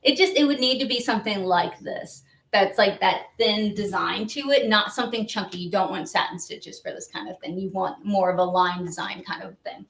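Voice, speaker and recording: A woman's voice: medium pitch, brisk, vocal fry, few pauses, a bit bright, a little hiss or hum. A woman hosting a live craft demo, chatty and bubbly, laughing often as she reads viewer comments.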